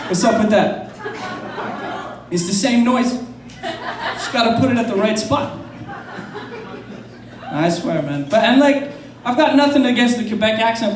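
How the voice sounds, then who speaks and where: High-voiced stand-up comic in a club. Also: male voice, recorded from a distance, slight background noise. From France. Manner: loose, profane, crowd work. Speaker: stand-up comedian. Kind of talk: stand-up comedy set. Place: comedy club. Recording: roomy club recording from afar with crowd. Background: audience laughter.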